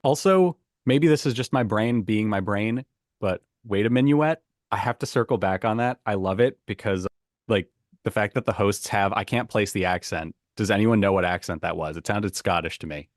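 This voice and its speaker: Chatty low-voiced man hosting a quiz. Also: normal speed, no echo, studio quality. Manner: chatty, laughs easily, reads out options. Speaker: quiz host. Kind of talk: casual podcast quiz hosting.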